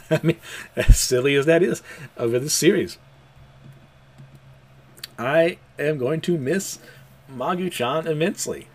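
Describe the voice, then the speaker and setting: A young man casually recapping manga chapters, animated and hesitant, with frequent chuckles and fillers. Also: fairly high pitch, slow, long pauses. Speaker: manga reviewer.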